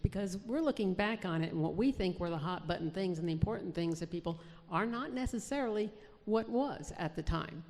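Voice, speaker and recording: A woman's voice: lowish voice, lively intonation, fairly quick, a little mellow. A woman novelist from New Jersey answering interview questions in a chatty way, with many restarts. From New Jersey, USA. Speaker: historical fiction author, guest. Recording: long hall reverb.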